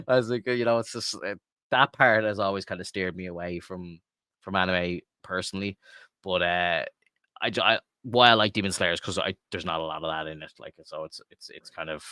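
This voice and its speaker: A man's voice: sits low, a little fast, sharp tone, dry recording, clean studio sound. A man from Ireland co-hosting a podcast, chatting casually and rambling with lots of filler words and swearing. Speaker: podcast co-host. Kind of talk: casual chat.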